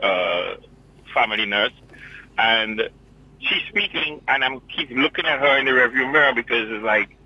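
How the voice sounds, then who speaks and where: A man's voice: medium pitch, lively intonation, normal speed, slight background noise. A man with a Grenadian accent calling in to a radio talk show, chatting in a loose, rambling, teasing way. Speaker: caller. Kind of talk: casual call-in chat. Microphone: telephone. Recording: muffled phone line.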